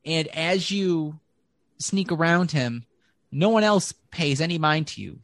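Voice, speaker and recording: A man narrating a tabletop game as game master, casual and halting, in a slightly high voice. The recording is close and dry. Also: dry recording.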